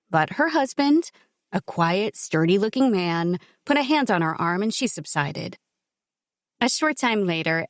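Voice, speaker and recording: A woman reading a novel aloud as an audiobook narrator, in steady, measured scripted narration. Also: medium pitch, dry recording, clean studio sound.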